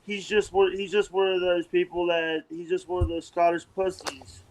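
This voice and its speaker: A man's voice: sits high, level tone, normal speed, background noise. A man joining a podcast chat as a guest, teasing another guest with stammering trash talk.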